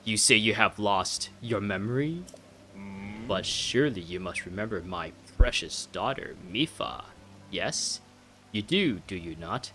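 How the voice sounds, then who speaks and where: A man voicing a giant, fatherly old fish king in a put-on British accent, reading game dialogue slowly and formally. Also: fairly low pitch, expressive, pushed and bright, soft background music, exaggerated voice, low-quality recording. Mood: solemn. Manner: slow, stately and formal.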